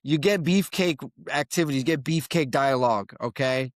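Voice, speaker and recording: A man's voice: mid-range voice, normal speed, no room sound, clean studio sound. A man co-hosting a podcast, making blunt wisecracks in casual chat about movies. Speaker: podcast co-host.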